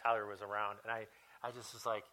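Bright-voiced pastor preaching a personal story. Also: male voice, lowish voice, little pitch movement, fast, low-quality recording. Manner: conversational, many fillers and restarts. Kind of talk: sermon told as a personal story.

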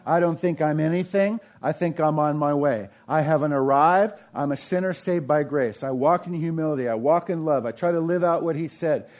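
Fairly high-voiced male preacher, conversational. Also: normal speed, hardly any pauses. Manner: conversational preaching with frequent restarts and rhetorical questions; swings between raised emphasis and quiet, low asides. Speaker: pastor. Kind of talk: sermon.

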